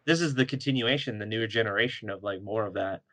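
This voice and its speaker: A man's voice: on the low side, quick pace, sharp tone. A man co-hosting a podcast, chatting animatedly about comics, laughing often and acting out quotes. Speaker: podcast co-host. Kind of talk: casual comic book chat.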